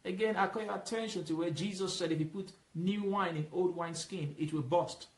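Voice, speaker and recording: A man leading a Bible study, explaining patiently and asking questions for the listener to fill in. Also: high-pitched. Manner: asks questions and lets the listener fill in the answer; explains patiently, repeating points slowly. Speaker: Bible teacher. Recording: roomy echo.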